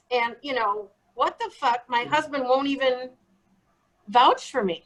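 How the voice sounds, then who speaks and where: A woman telling her own story in an interview, blunt and animated, swearing freely as she acts out what was said. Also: high-pitched, slow, long pauses, rough recording. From Chicago. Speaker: guest.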